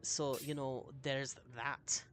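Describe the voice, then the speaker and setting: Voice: mid-range voice, level tone, slow, a bit bright, faint music behind. A streamer giving cheerful live commentary while playing a game and reading chat messages aloud. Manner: chatty, upbeat, reads chat aloud.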